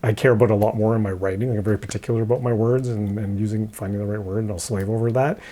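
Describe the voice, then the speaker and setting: A man's voice: lowish voice, steady tone, mellow. A man co-hosting a songwriting podcast, talking casually in a roundtable and often restarting and repeating words. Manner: halting, repeats words often, laughs lightly.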